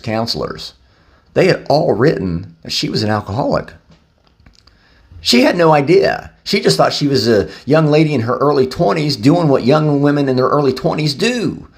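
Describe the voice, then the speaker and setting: A low-voiced man talking casually to his own camera about recovery. His pitch rises and falls widely as he tells the story. He speaks loosely, with plenty of "uh" and "um". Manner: conversational, loose, with many fillers. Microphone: handheld camera.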